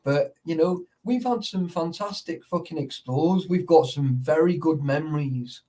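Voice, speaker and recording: Brief: man, sweary and animated storyteller, slightly higher voice, casual chat. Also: a little slow. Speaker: urban explorer.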